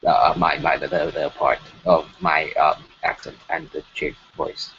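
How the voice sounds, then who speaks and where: A man's voice: rumbling low, little pitch movement, unhurried, a bit bright. A man chatting casually on a live stream while animating, rambling and stammering through frequent restarts. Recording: dull lo-fi stream audio with faint noise.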